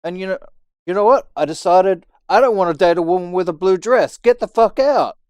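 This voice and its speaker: A man's voice: high-pitched, brisk, darkish tone, smooth, no room sound. A man co-hosting a podcast in casual chat, joking with a punchy delivery. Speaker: podcast co-host.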